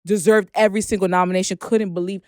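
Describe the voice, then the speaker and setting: A young woman co-hosting a casual podcast chat, animated and acting out her own reactions. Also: medium pitch, fast, no room sound, studio quality. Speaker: podcast co-host.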